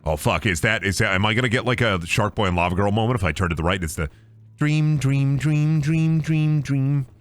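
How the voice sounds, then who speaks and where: A man's voice: low voice, racing, hardly any pauses, a bit bright, no echo, soft background music. A man streaming a game, chatting casually with jokes, swearing and silly sing-song voices. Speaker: gaming streamer. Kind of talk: casual live-stream chat over gameplay.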